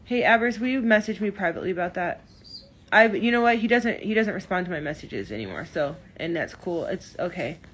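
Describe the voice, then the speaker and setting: Woman in her thirties, husky voice, hurt and defensive, talking into her phone. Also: on the low side, animated, fairly quick, fairly bright tone. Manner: emotional, hurt and defensive, many restarts. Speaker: livestreamer. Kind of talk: upset livestream rant. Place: in her car.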